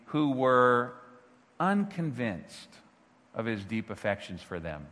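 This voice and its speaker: A man preaching a sermon as pastor, earnest and full of rhetorical questions, moving from hushed tones to near-shouting. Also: on the high side, expressive, slow pace. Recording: long hall reverb.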